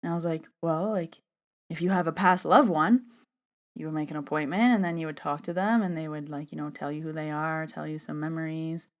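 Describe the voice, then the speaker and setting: A young adult woman hosting a podcast, telling a story in a chatty, animated way and acting out the dialogue she quotes. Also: deep voice, fairly quick. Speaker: podcast host. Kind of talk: casual storytelling monologue.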